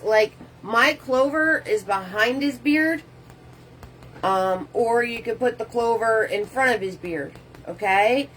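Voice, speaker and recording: A woman's voice: fairly high pitch, slow pace, fairly bright tone, faint music behind, low-quality recording. Chatty woman teaching a painting class. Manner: chatty, answers viewer comments while painting; casual, loose step-by-step instructions. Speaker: painting instructor. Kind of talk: live painting tutorial.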